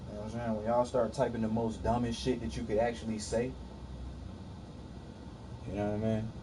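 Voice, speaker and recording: A man's voice: on the low side, level tone, fairly quick, noisy background. A young man casually livestreaming, arguing with his chat in a profane, dismissive way.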